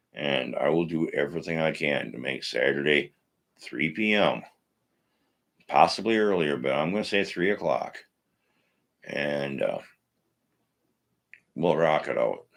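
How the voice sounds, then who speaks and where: A man's voice: a bass voice, animated, measured pace, vocal fry, long pauses, a bit bright. A blunt, profane man from Minnesota hosting a casual live stream about wrestling, ranting his opinions. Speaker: wrestling podcast host.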